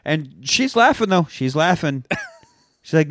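A man's voice: on the high side, very animated, measured pace, a little hiss or hum. A man co-hosting a movie rewatch podcast, recapping scenes casually and acting out bits of dialogue. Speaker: podcast co-host.

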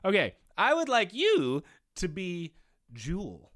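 Man co-host, joking banter, bright and tense voice, higher pitch, dry close mic. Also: wildly swooping pitch. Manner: quick, joking banter with laughs. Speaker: podcast co-host. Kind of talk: casual chat.

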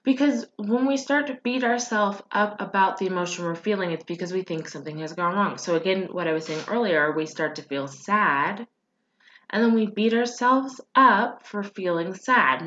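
A woman who hosts a podcast and works as a coach gives a casual motivational talk, speaking a little slowly in an expressive, mid-range, fairly bright voice. She earnestly reassures listeners and often checks in with "right?", over roomy, dull lo-fi sound.

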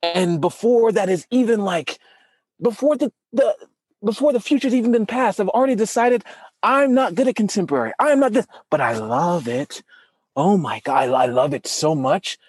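A man's voice: normal speed, husky, no room sound. A man in casual chat, telling a personal story with feeling and acting out what people said. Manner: animated storytelling, acts out quotes with big pitch jumps.

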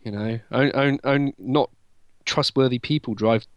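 A man's voice: mid-range voice, a little slow, clear, resonant tone, no echo, lo-fi sound. A man with a middling voice trading jokes on a hobby podcast. He drifts into silly bits and reads out lines with mock gravity. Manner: jokey, plays up bits. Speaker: podcast co-host. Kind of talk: casual hobby podcast chat.

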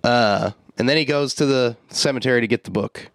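A man at a podcast mic, recapping a film in a loose, swearing, laughing way with plenty of fillers. His voice sits in an ordinary middle pitch, and the sound is close and dry with no room echo. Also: brisk, vocal fry. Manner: loose, profane storytelling that jumps into quoted voices. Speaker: podcast co-host. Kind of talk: casual movie recap chat.

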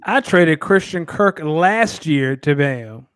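A man's voice: on the high side, expressive, slow pace, fairly bright tone, smooth, no room sound, clean studio sound. A man co-hosting a sports podcast, boasting and ribbing the others in casual banter. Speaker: podcast co-host.

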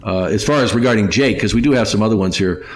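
A man hosting a podcast in casual chat, rambling along with many pauses and restarts and speaking to the listeners as folks. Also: fairly low pitch. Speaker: podcast host.

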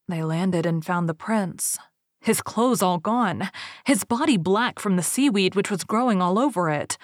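A woman reading an old folk tale aloud in a measured, even storytelling manner. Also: mid-range voice, no room sound, clean studio sound.

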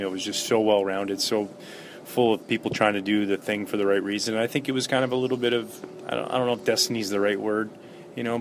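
Low-voiced man telling baseball stories. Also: a little hiss or hum. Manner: animated anecdotes with many fillers and restarts. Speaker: former baseball player, guest. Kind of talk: relaxed interview storytelling.

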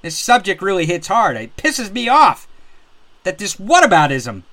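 A man's voice: sits high, huge pitch swings, a little slow, bright, forceful tone. A man giving an angry, profane political rant, heated and sarcastic. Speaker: political commentator.

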